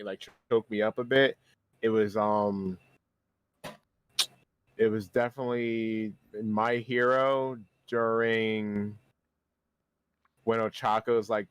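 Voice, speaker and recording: A man's voice: fairly low pitch, dry recording. A young man co-hosting a podcast, chatting casually, swearing a lot and laughing easily. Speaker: podcast co-host. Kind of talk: casual chat.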